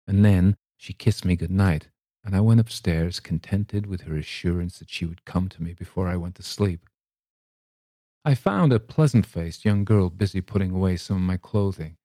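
A man reading a classic short story aloud in measured, scripted narration. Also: low-pitched, mellow, dry recording, studio quality. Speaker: story reader.

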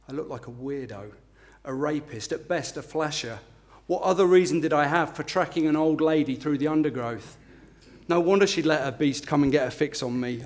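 A man's voice: fairly high pitch, darkish tone. A middle-aged man, an author from England, giving a self-deprecating talk with filler ums and then reading a passage from his book.

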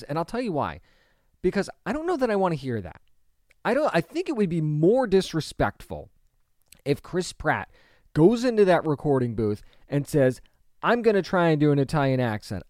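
An online movie commentator in his thirties or forties, old enough to have grown up with a 1990s animated series, talks casually and emphatically to camera. He asks rhetorical questions and restarts sentences while working through his opinion. His voice is a little high and mellow, recorded in clean studio sound with no room sound.

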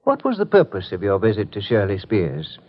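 A steady radio-play detective, husky, lively inflection, firm questions, muffled old broadcast. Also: male voice, fairly low pitch, exaggerated voice. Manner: measured, probing, firm. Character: calm, authoritative middle-aged male detective. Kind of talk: 1950s radio drama acting.

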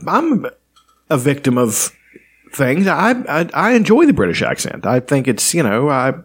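Animated chatty male podcast co-host. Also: medium pitch, moderate pace, breathy edge. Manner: chatty, prone to restarts and voice impressions. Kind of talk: casual chat.

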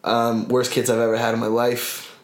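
A man's voice: medium pitch, monotone, moderate pace, reverberant. A young man from the United States in casual chat as a guest, laid-back and joking, swearing offhand. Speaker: guest, footballer.

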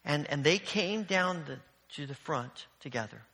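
A man preaching a sermon as pastor, telling stories with an animated, earnest delivery from the front of a church sanctuary. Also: a little high, measured pace. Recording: long church reverb.

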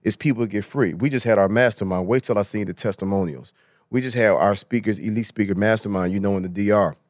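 A man's voice: fairly low pitch, quick pace, a little mellow, dry recording, clean studio sound. Earnest man telling stories in conversation. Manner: earnest, emphatic storytelling. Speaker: motivational speaker and guest; husband, father and church elder. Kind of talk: casual conversation.

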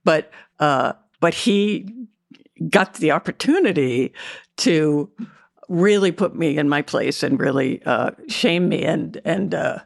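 Gravelly woman, hesitant guest. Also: sits low, expressive, takes it slowly, dry recording, clean studio sound. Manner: hesitant, many fillers and restarts, candid. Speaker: actress and memoir author, guest. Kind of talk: interview, recounting memories.

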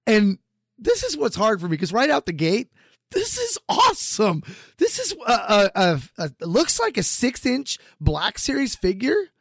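A middle-aged man co-hosts a laid-back podcast, telling stories with lots of animation and stumbling over words when he gets excited. His voice sits a bit high for a man, and the sound is dry and close with no room around it. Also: measured pace, creaky, breathy edge, dry recording. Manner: animated storyteller who acts out quoted voices. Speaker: podcast co-host. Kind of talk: casual podcast chat.

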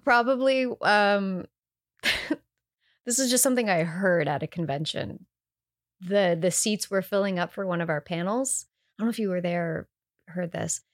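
A woman's voice: on the low side, no room sound, clean studio sound. A young adult woman chatting casually as co-host, laughing easily as she answers questions. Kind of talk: casual chat.

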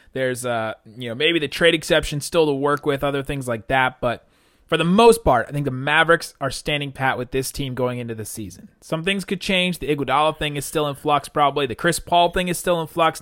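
A man hosting a sports podcast, talking in a relaxed way and laughing often. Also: mid-range voice, no room sound, clean studio sound. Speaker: podcast host. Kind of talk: casual podcast chat.

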